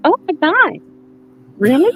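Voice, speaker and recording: A woman's voice: sits high, big pitch swings, a little slow, fairly bright tone, faint music behind, heavily acted, low-quality recording. A woman voicing a prim, easily offended white woman in comedic role-play, gasping in exaggerated shock. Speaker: podcast co-host.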